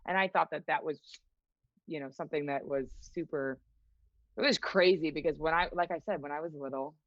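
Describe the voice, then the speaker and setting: A young woman guest telling stories in a casual interview, lively and acting out other people's lines. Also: deep voice, fairly quick, dry recording, dull audio. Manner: lively storyteller who acts out quoted voices. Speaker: guest, hockey player. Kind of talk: casual interview chat, storytelling.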